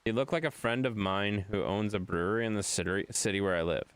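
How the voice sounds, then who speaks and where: A man's voice: fairly low pitch, fast talker, smooth, no room sound. A man from Wisconsin with a Wisconsin accent, streaming a game and bantering with his chat in a playful, mock-exasperated way.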